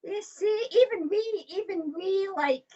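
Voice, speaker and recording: A woman's voice: very high-pitched, unhurried, mellow. A woman, a psychic medium giving live readings in a chatty, casual way with many fillers. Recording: dull lo-fi stream audio.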